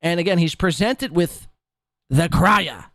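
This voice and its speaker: A man's voice: high voice, expressive, a little slow, pushed and bright, dry recording, clean studio sound. A man hosting a podcast in a casual, crude, mocking way, swearing freely. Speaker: podcast host.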